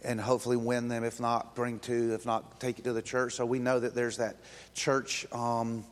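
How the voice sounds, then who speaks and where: A man's voice: mid-range voice, monotone, normal speed, long reverb tail. A man preaching a sermon in a casual, conversational way, acting out quoted voices and chuckling as he goes. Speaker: pastor.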